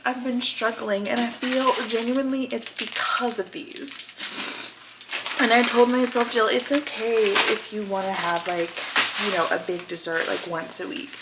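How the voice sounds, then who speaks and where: A woman talks openly to her viewers in a personal weight-loss vlog, earnest and confessional, with real emotion in her voice. Her tone has a gravelly, fry-laden edge. A clear hiss of noise runs under the recording. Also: mid-range voice. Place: at home.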